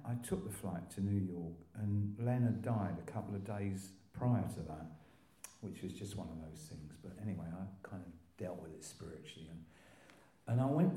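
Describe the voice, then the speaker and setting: A man's voice: sits low, warm tone. Older man with a rambling, echoey voice. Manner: rambling, with restarts and self-deprecating laughs. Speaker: speaker sharing his recovery story. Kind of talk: personal testimony talk.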